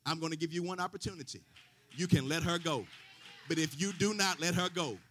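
A man voicing a stern father who coldly threatens his daughter's kidnappers, in a low, clipped, menacing calm. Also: brisk, slight background noise.

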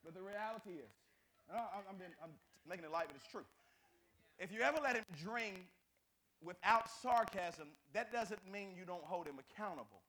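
A man preaching a sermon as pastor, telling a lively personal story in a casual, conversational way with big swings in intensity. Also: sits high, normal speed, poor audio. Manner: animated storytelling with rising and falling intensity; conversational, uses "y'all" and casual grammar.

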